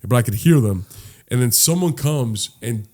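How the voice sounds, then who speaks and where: This young man talks at normal speed in a mid-range voice while co-hosting a casual podcast. He chats and tells stories with heavy swearing, acting out what people said.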